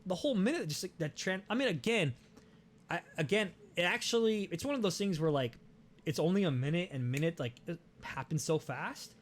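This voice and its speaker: A young man hosting a podcast, telling a story in a casual, animated way, swearing often and restarting his sentences. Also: high voice, fairly quick. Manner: animated, profane, many restarts. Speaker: podcast host.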